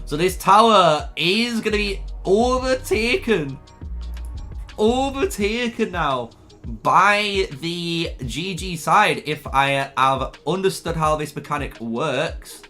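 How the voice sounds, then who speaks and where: A man's voice: high-pitched, lively intonation, slow, pushed and bright. A man commentating live on a strategy game for his stream, chatty and laughing often as he talks to his chat. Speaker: gaming streamer. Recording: faint music behind.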